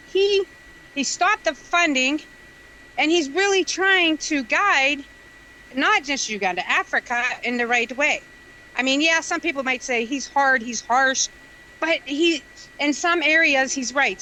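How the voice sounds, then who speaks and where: A woman's voice: high voice, bright, forceful tone, a little hiss or hum, rough recording. A woman giving an impassioned political appeal as a guest, emotional and preachy. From United States. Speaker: guest speaker.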